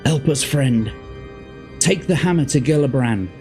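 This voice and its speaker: A wounded old dwarf warrior, pitched well up into a strained, high register. He raves in frantic, delirious bursts with a Birmingham accent, like a wounded fighter calling out warnings from a storybook adventure game. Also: animated, measured pace, darkish tone, soft background music. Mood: weak pleading.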